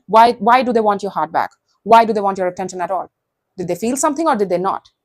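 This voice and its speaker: A woman's voice: mid-range voice, dry recording. A woman giving a casual tarot reading to camera, blunt and sassy, acting out imagined thoughts. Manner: sassy, blunt, acts out quoted inner voices. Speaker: tarot reader.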